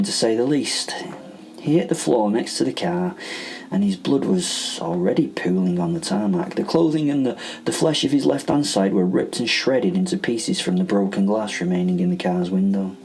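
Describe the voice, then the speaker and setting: A man's voice: fairly low pitch, a little mellow, rough recording. A man, reading a first-person horror story in a casual way with joking asides. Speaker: podcast host.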